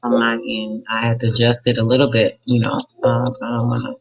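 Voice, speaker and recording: A man's voice: medium pitch, monotone, a little fast, gravelly, poor audio. Talkative man hosting a live stream. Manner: loose, talkative, fillers and self-corrections. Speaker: radio show host. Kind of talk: casual live-stream talk.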